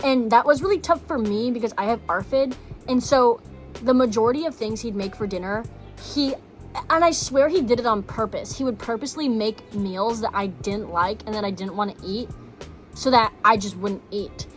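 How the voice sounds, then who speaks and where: A woman's voice: a little high, normal speed, soft background music. A young woman from Texas telling a personal story in a casual vlog, blunt and swearing, full of "like" fillers. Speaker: vlogger.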